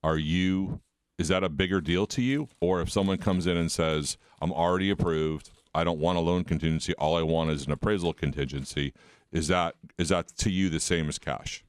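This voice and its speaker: A man's voice: sits low, normal speed, smooth, dry recording, studio quality. A man co-hosting a radio talk show, telling anecdotes in a rambling, conversational way. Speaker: radio show co-host, mortgage lender.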